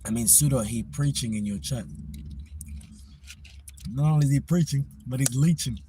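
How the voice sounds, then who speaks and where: A man's voice: medium pitch, normal speed, mellow, slight background noise. A young man streaming live, chatting casually and brashly in slang straight to his viewers. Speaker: livestreamer. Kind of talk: casual livestream chat.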